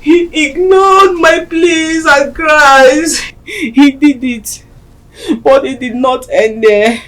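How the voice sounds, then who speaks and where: A woman's voice: high-pitched, extremely slow, fairly bright tone, exaggerated voice. An actress with a Nigerian accent playing a grieving widow who bitterly recounts her ordeal.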